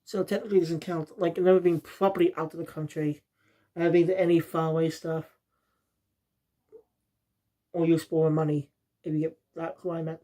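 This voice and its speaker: Mellow and flat, this South Wales reviewer speaks at a middling pitch, fairly quickly, pausing often. The review feels casual, and the talk rambles loosely, frequently losing its thread.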